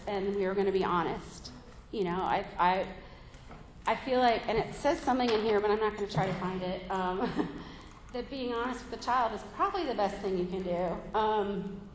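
A woman's voice: mid-range voice, a little hiss or hum. A woman in her thirties giving a candid, rambling personal testimony at a recovery meeting, with many fillers and laughs. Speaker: speaker sharing at a recovery meeting. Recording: echoey hall from far off.

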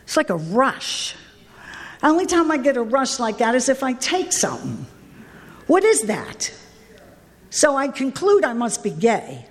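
A woman with a high voice tells her recovery story at a meeting, candid and emotional. Her pitch and pace swing widely as she talks. The sound carries a long reverb from a large hall. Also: very animated, a little slow, pauses often, noisy background. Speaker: recovery speaker. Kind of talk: personal recovery share at a meeting.

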